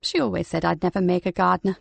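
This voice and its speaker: A woman's voice: fairly low pitch, fast talker, gravelly, husky, no echo, heavily acted. A woman voicing an older woman, a retired soldier turned gardener, reflective and dry-humored. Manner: dry, self-mocking, reflective.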